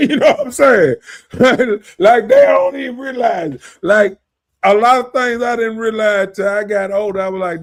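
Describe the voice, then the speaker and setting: A man, hosting a podcast in casual opinion talk, animated, often asking "you know what I'm saying" and laughing. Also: high-pitched, a little slow, vocal fry. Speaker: podcast host.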